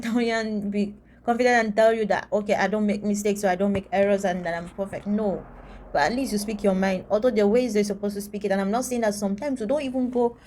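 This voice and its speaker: A woman's voice: mid-range voice, a little mellow. A woman, ranting candidly to camera as a vlogger, blunt and emphatic, repeating her points for stress. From Antigua.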